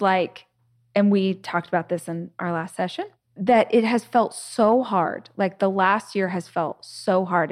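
A woman's voice: mid-range voice, darkish tone. A woman hosting a podcast, talking casually and telling stories with lots of fillers and restarts. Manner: chatty storyteller, many "like"s and restarts. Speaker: podcast host. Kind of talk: casual conversation.

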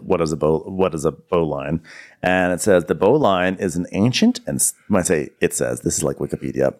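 A man co-hosting a podcast, chatting casually and doing campy voices when he quotes people. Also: low voice. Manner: animated, puts on campy voices when quoting. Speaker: podcast co-host. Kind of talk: casual recap chat.

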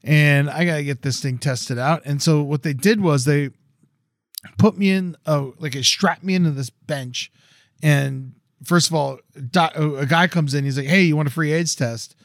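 A man's voice: on the high side, normal speed, no echo, clean studio sound. A man co-hosting a casual chat, telling a long story with lots of swearing and acting out quotes in a raised voice. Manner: animated, profane, acts out quotes in raised voice. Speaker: podcast co-host.

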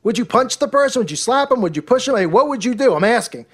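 High-pitched, indignant ranting man. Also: expressive, fast, slightly rough. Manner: indignant, preachy, rhetorical questions. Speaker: talk show host. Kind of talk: ranting monologue, played clip.

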